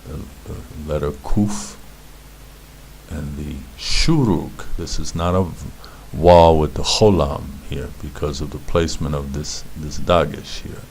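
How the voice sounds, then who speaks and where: A man's voice: rumbling low, steady tone, measured pace, vocal fry, darkish tone, a little hiss or hum. A man teaching beginners Hebrew letters, patiently repeating words and sounds as he explains. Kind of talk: instructional explanation.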